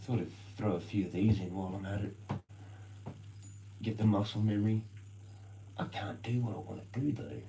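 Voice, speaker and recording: A man's voice: fairly low pitch, fairly even intonation, measured pace, gravelly, pauses often, a little hiss or hum, poor audio. An Australian man ranting casually on a live stream, rambling and swearing constantly in slang.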